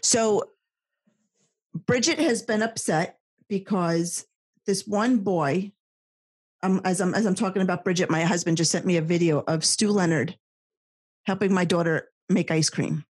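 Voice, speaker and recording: A woman in her thirties co-hosting a podcast, telling a story in a chatty, animated way in casual conversation. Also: on the low side, a little slow, long pauses, husky, no room sound. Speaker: podcast co-host. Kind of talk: casual chat.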